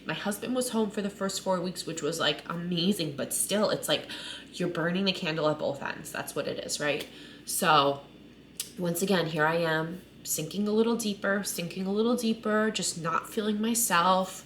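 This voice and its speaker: A woman's voice: medium pitch, moderate pace, a bit bright, slight background noise. A woman in her thirties talking candidly to camera, emotional and conversational, often saying "like" and "right?". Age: 30s. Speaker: mother sharing her story. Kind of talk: personal vlog monologue.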